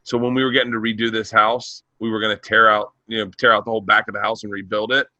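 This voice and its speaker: A man with a bright, forward voice tells stories in loose podcast chat. He acts out everyone he quotes and laughs without holding back. The sound is dry and close to the mic. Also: on the low side, fast talker, dry recording, dull audio. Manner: animated storyteller who acts out voices and laughs hard. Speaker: stand-up comedian.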